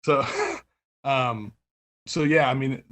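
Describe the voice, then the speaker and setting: A man's voice: mid-range voice, huge pitch swings, slow, fairly bright tone. Man, label owner, rambling chat full of fillers and little laughs. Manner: rambling, many fillers and restarts, laughs often. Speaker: label owner and music writer. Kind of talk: casual interview chat.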